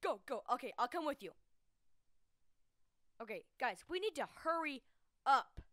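Excitable high-voiced woman playing games. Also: moderate pace, no echo, clean studio sound. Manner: excitable and chatty, jumping from yelps to low mutters. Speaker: gamer hosting her own channel. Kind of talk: casual gameplay commentary.

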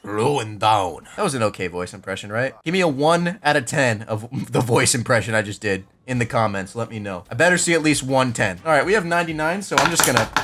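A young man narrating his gameplay at home, excitable and self-mocking, shouting and laughing often. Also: medium pitch, a little hiss or hum. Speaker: gaming YouTuber. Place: home room. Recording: music playing underneath.

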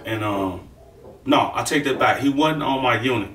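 A man's voice: medium pitch, normal speed, fairly bright tone, slight background noise. A middle-aged man tells a long story in a loose, rambling way, swearing freely and checking in with the listener again and again. His voice sits in an ordinary middle register. It is picked up from some distance in a room that echoes. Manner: profane, rambling, keeps saying "you know what I'm saying". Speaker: storyteller recounting prison life. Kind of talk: casual storytelling monologue. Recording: roomy sound, mic at a distance.

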